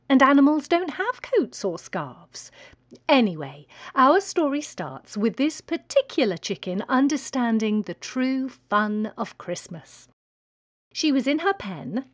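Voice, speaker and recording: Woman reading a children's story, slow, lively pitch, playful asides. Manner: expressive, playful. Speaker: reader.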